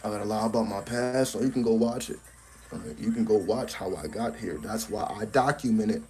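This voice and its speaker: A man's voice: on the low side, brisk, a little mellow. A man giving a casual live-stream talk on a cell phone, blunt and profane, tagging his points with "right?", with faint music behind him. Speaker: spiritual content creator.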